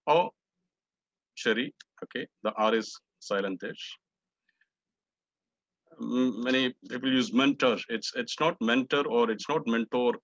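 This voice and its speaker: A man with an Indian English accent walks through mispronounced words one by one, repeating each for practice. His tone is bright and forceful, filled with hesitant fillers. The audio is dry and a little dull, like an online meeting. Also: medium pitch, dry recording. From Indian subcontinent. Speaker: pronunciation master at a club meeting. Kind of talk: meeting report, correcting pronunciations.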